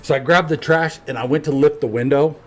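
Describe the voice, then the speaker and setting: A man telling rough childhood stories as a podcast guest, swearing freely and acting out what people said. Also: on the high side, fairly even intonation, a little fast. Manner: swears freely, acts out quotes. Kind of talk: casual storytelling.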